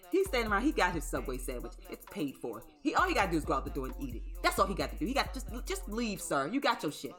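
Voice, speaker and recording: A woman's voice: on the low side, a bit bright. A young adult woman livestreaming, telling a story in a casual, exclamatory, profane way. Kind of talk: casual storytelling to a live stream.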